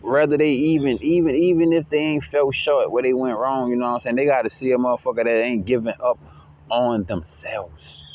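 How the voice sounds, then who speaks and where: A man's voice: mid-range voice, fairly even intonation, fairly quick. Slangy hyped-up motivational man. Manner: slangy, repeats "you know what I'm saying"; preachy, hyped, repetitive. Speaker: self-help vlogger. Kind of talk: casual motivational monologue. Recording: dull lo-fi audio with faint noise.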